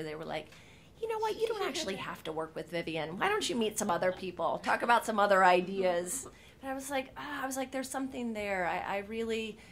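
Animated woman telling a story on a panel. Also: medium pitch, a little hiss or hum. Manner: animated, many fillers and restarts, acts out quoted lines. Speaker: TV writer on a panel.

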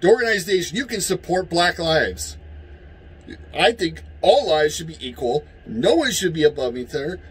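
High-voiced man in a profane rant. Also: big pitch swings, normal speed, slightly rough, rough recording. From United States. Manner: heated, profane, yelling at times. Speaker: vlogger. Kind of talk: angry political rant.

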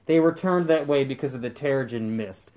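Male co-host, mellow voice, casual nerdy explainer, teasing. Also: mid-range voice, fairly quick. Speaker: podcast co-host. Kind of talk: casual chat explaining comic lore.

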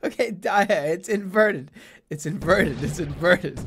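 A man streaming a video game, reacting loudly, swearing and laughing at what happens on screen. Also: high voice, takes it slowly, slightly rough. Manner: loud, exasperated, swearing and laughing. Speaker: streamer playing video games. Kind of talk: gaming commentary.

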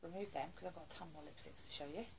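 A woman's voice: fairly low pitch, rapid-fire, vocal fry, background noise. A woman doing a casual beauty haul video at home, chatty and gushing, with lots of fillers and asides. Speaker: beauty vlogger.

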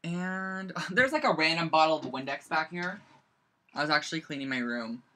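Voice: mid-range voice, moderate pace, sharp tone. A teenager running a live-streamed scrapbooking demo from a bedroom at home, rambling and chatty with lots of "like". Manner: rambling and chatty, heavy use of "like". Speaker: scrapbooking instructor. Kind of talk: live-streamed craft demo, casual chat.

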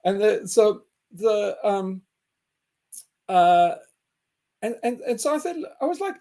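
A man hosting an animated group discussion, excitable and mocking, often laughing and jumping in pitch to act out quotes. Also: slow pace, long pauses. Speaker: host.

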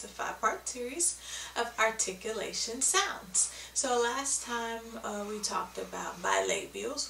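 A woman's voice: medium pitch, a bit bright, roomy sound, distant mic, a little hiss or hum, rough recording. A woman giving a patient, step-by-step video lesson on speech sounds, often checking in with "okay?". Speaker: speech therapy teacher.

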